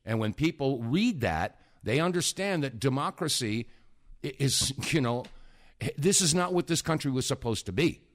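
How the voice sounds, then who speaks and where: A middle-aged man hosting a call-in radio show, relaxed and unhurried, trailing off as he searches for things. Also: medium pitch. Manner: unhurried, trails off while searching his computer. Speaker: radio talk show host.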